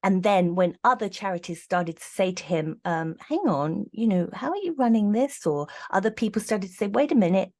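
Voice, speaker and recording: A woman's voice: on the low side, darkish tone. A middle-aged woman giving a casual, indignant tarot reading with sarcastic asides. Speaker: tarot reader.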